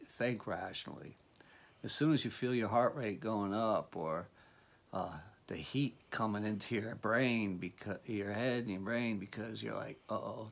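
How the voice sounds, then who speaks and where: A man's voice: lowish voice, vocal fry. A man giving a motivational talk as a life coach, earnest and rambling, with many restarts.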